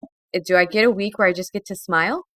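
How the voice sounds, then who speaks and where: A woman's voice: medium pitch, fast talker, fairly bright tone, no room sound. Dramatic, self-mocking woman co-host. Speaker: podcast co-host. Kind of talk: casual chat.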